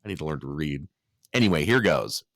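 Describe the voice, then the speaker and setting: A man's voice: very deep voice, expressive, fairly quick, fairly bright tone, no room sound. A man co-hosting a podcast who chats with dry jokes and reads a listener's comic letter aloud. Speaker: podcast co-host. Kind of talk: casual chat, reading listener mail aloud.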